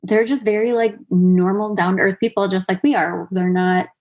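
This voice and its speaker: A woman's voice: medium pitch, fairly even intonation, moderate pace, darkish tone. Woman guest just chatting thru her story, lots of "you know" and "i was like". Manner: chatty, many fillers and quoted asides. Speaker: podcast guest. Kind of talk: conversational storytelling.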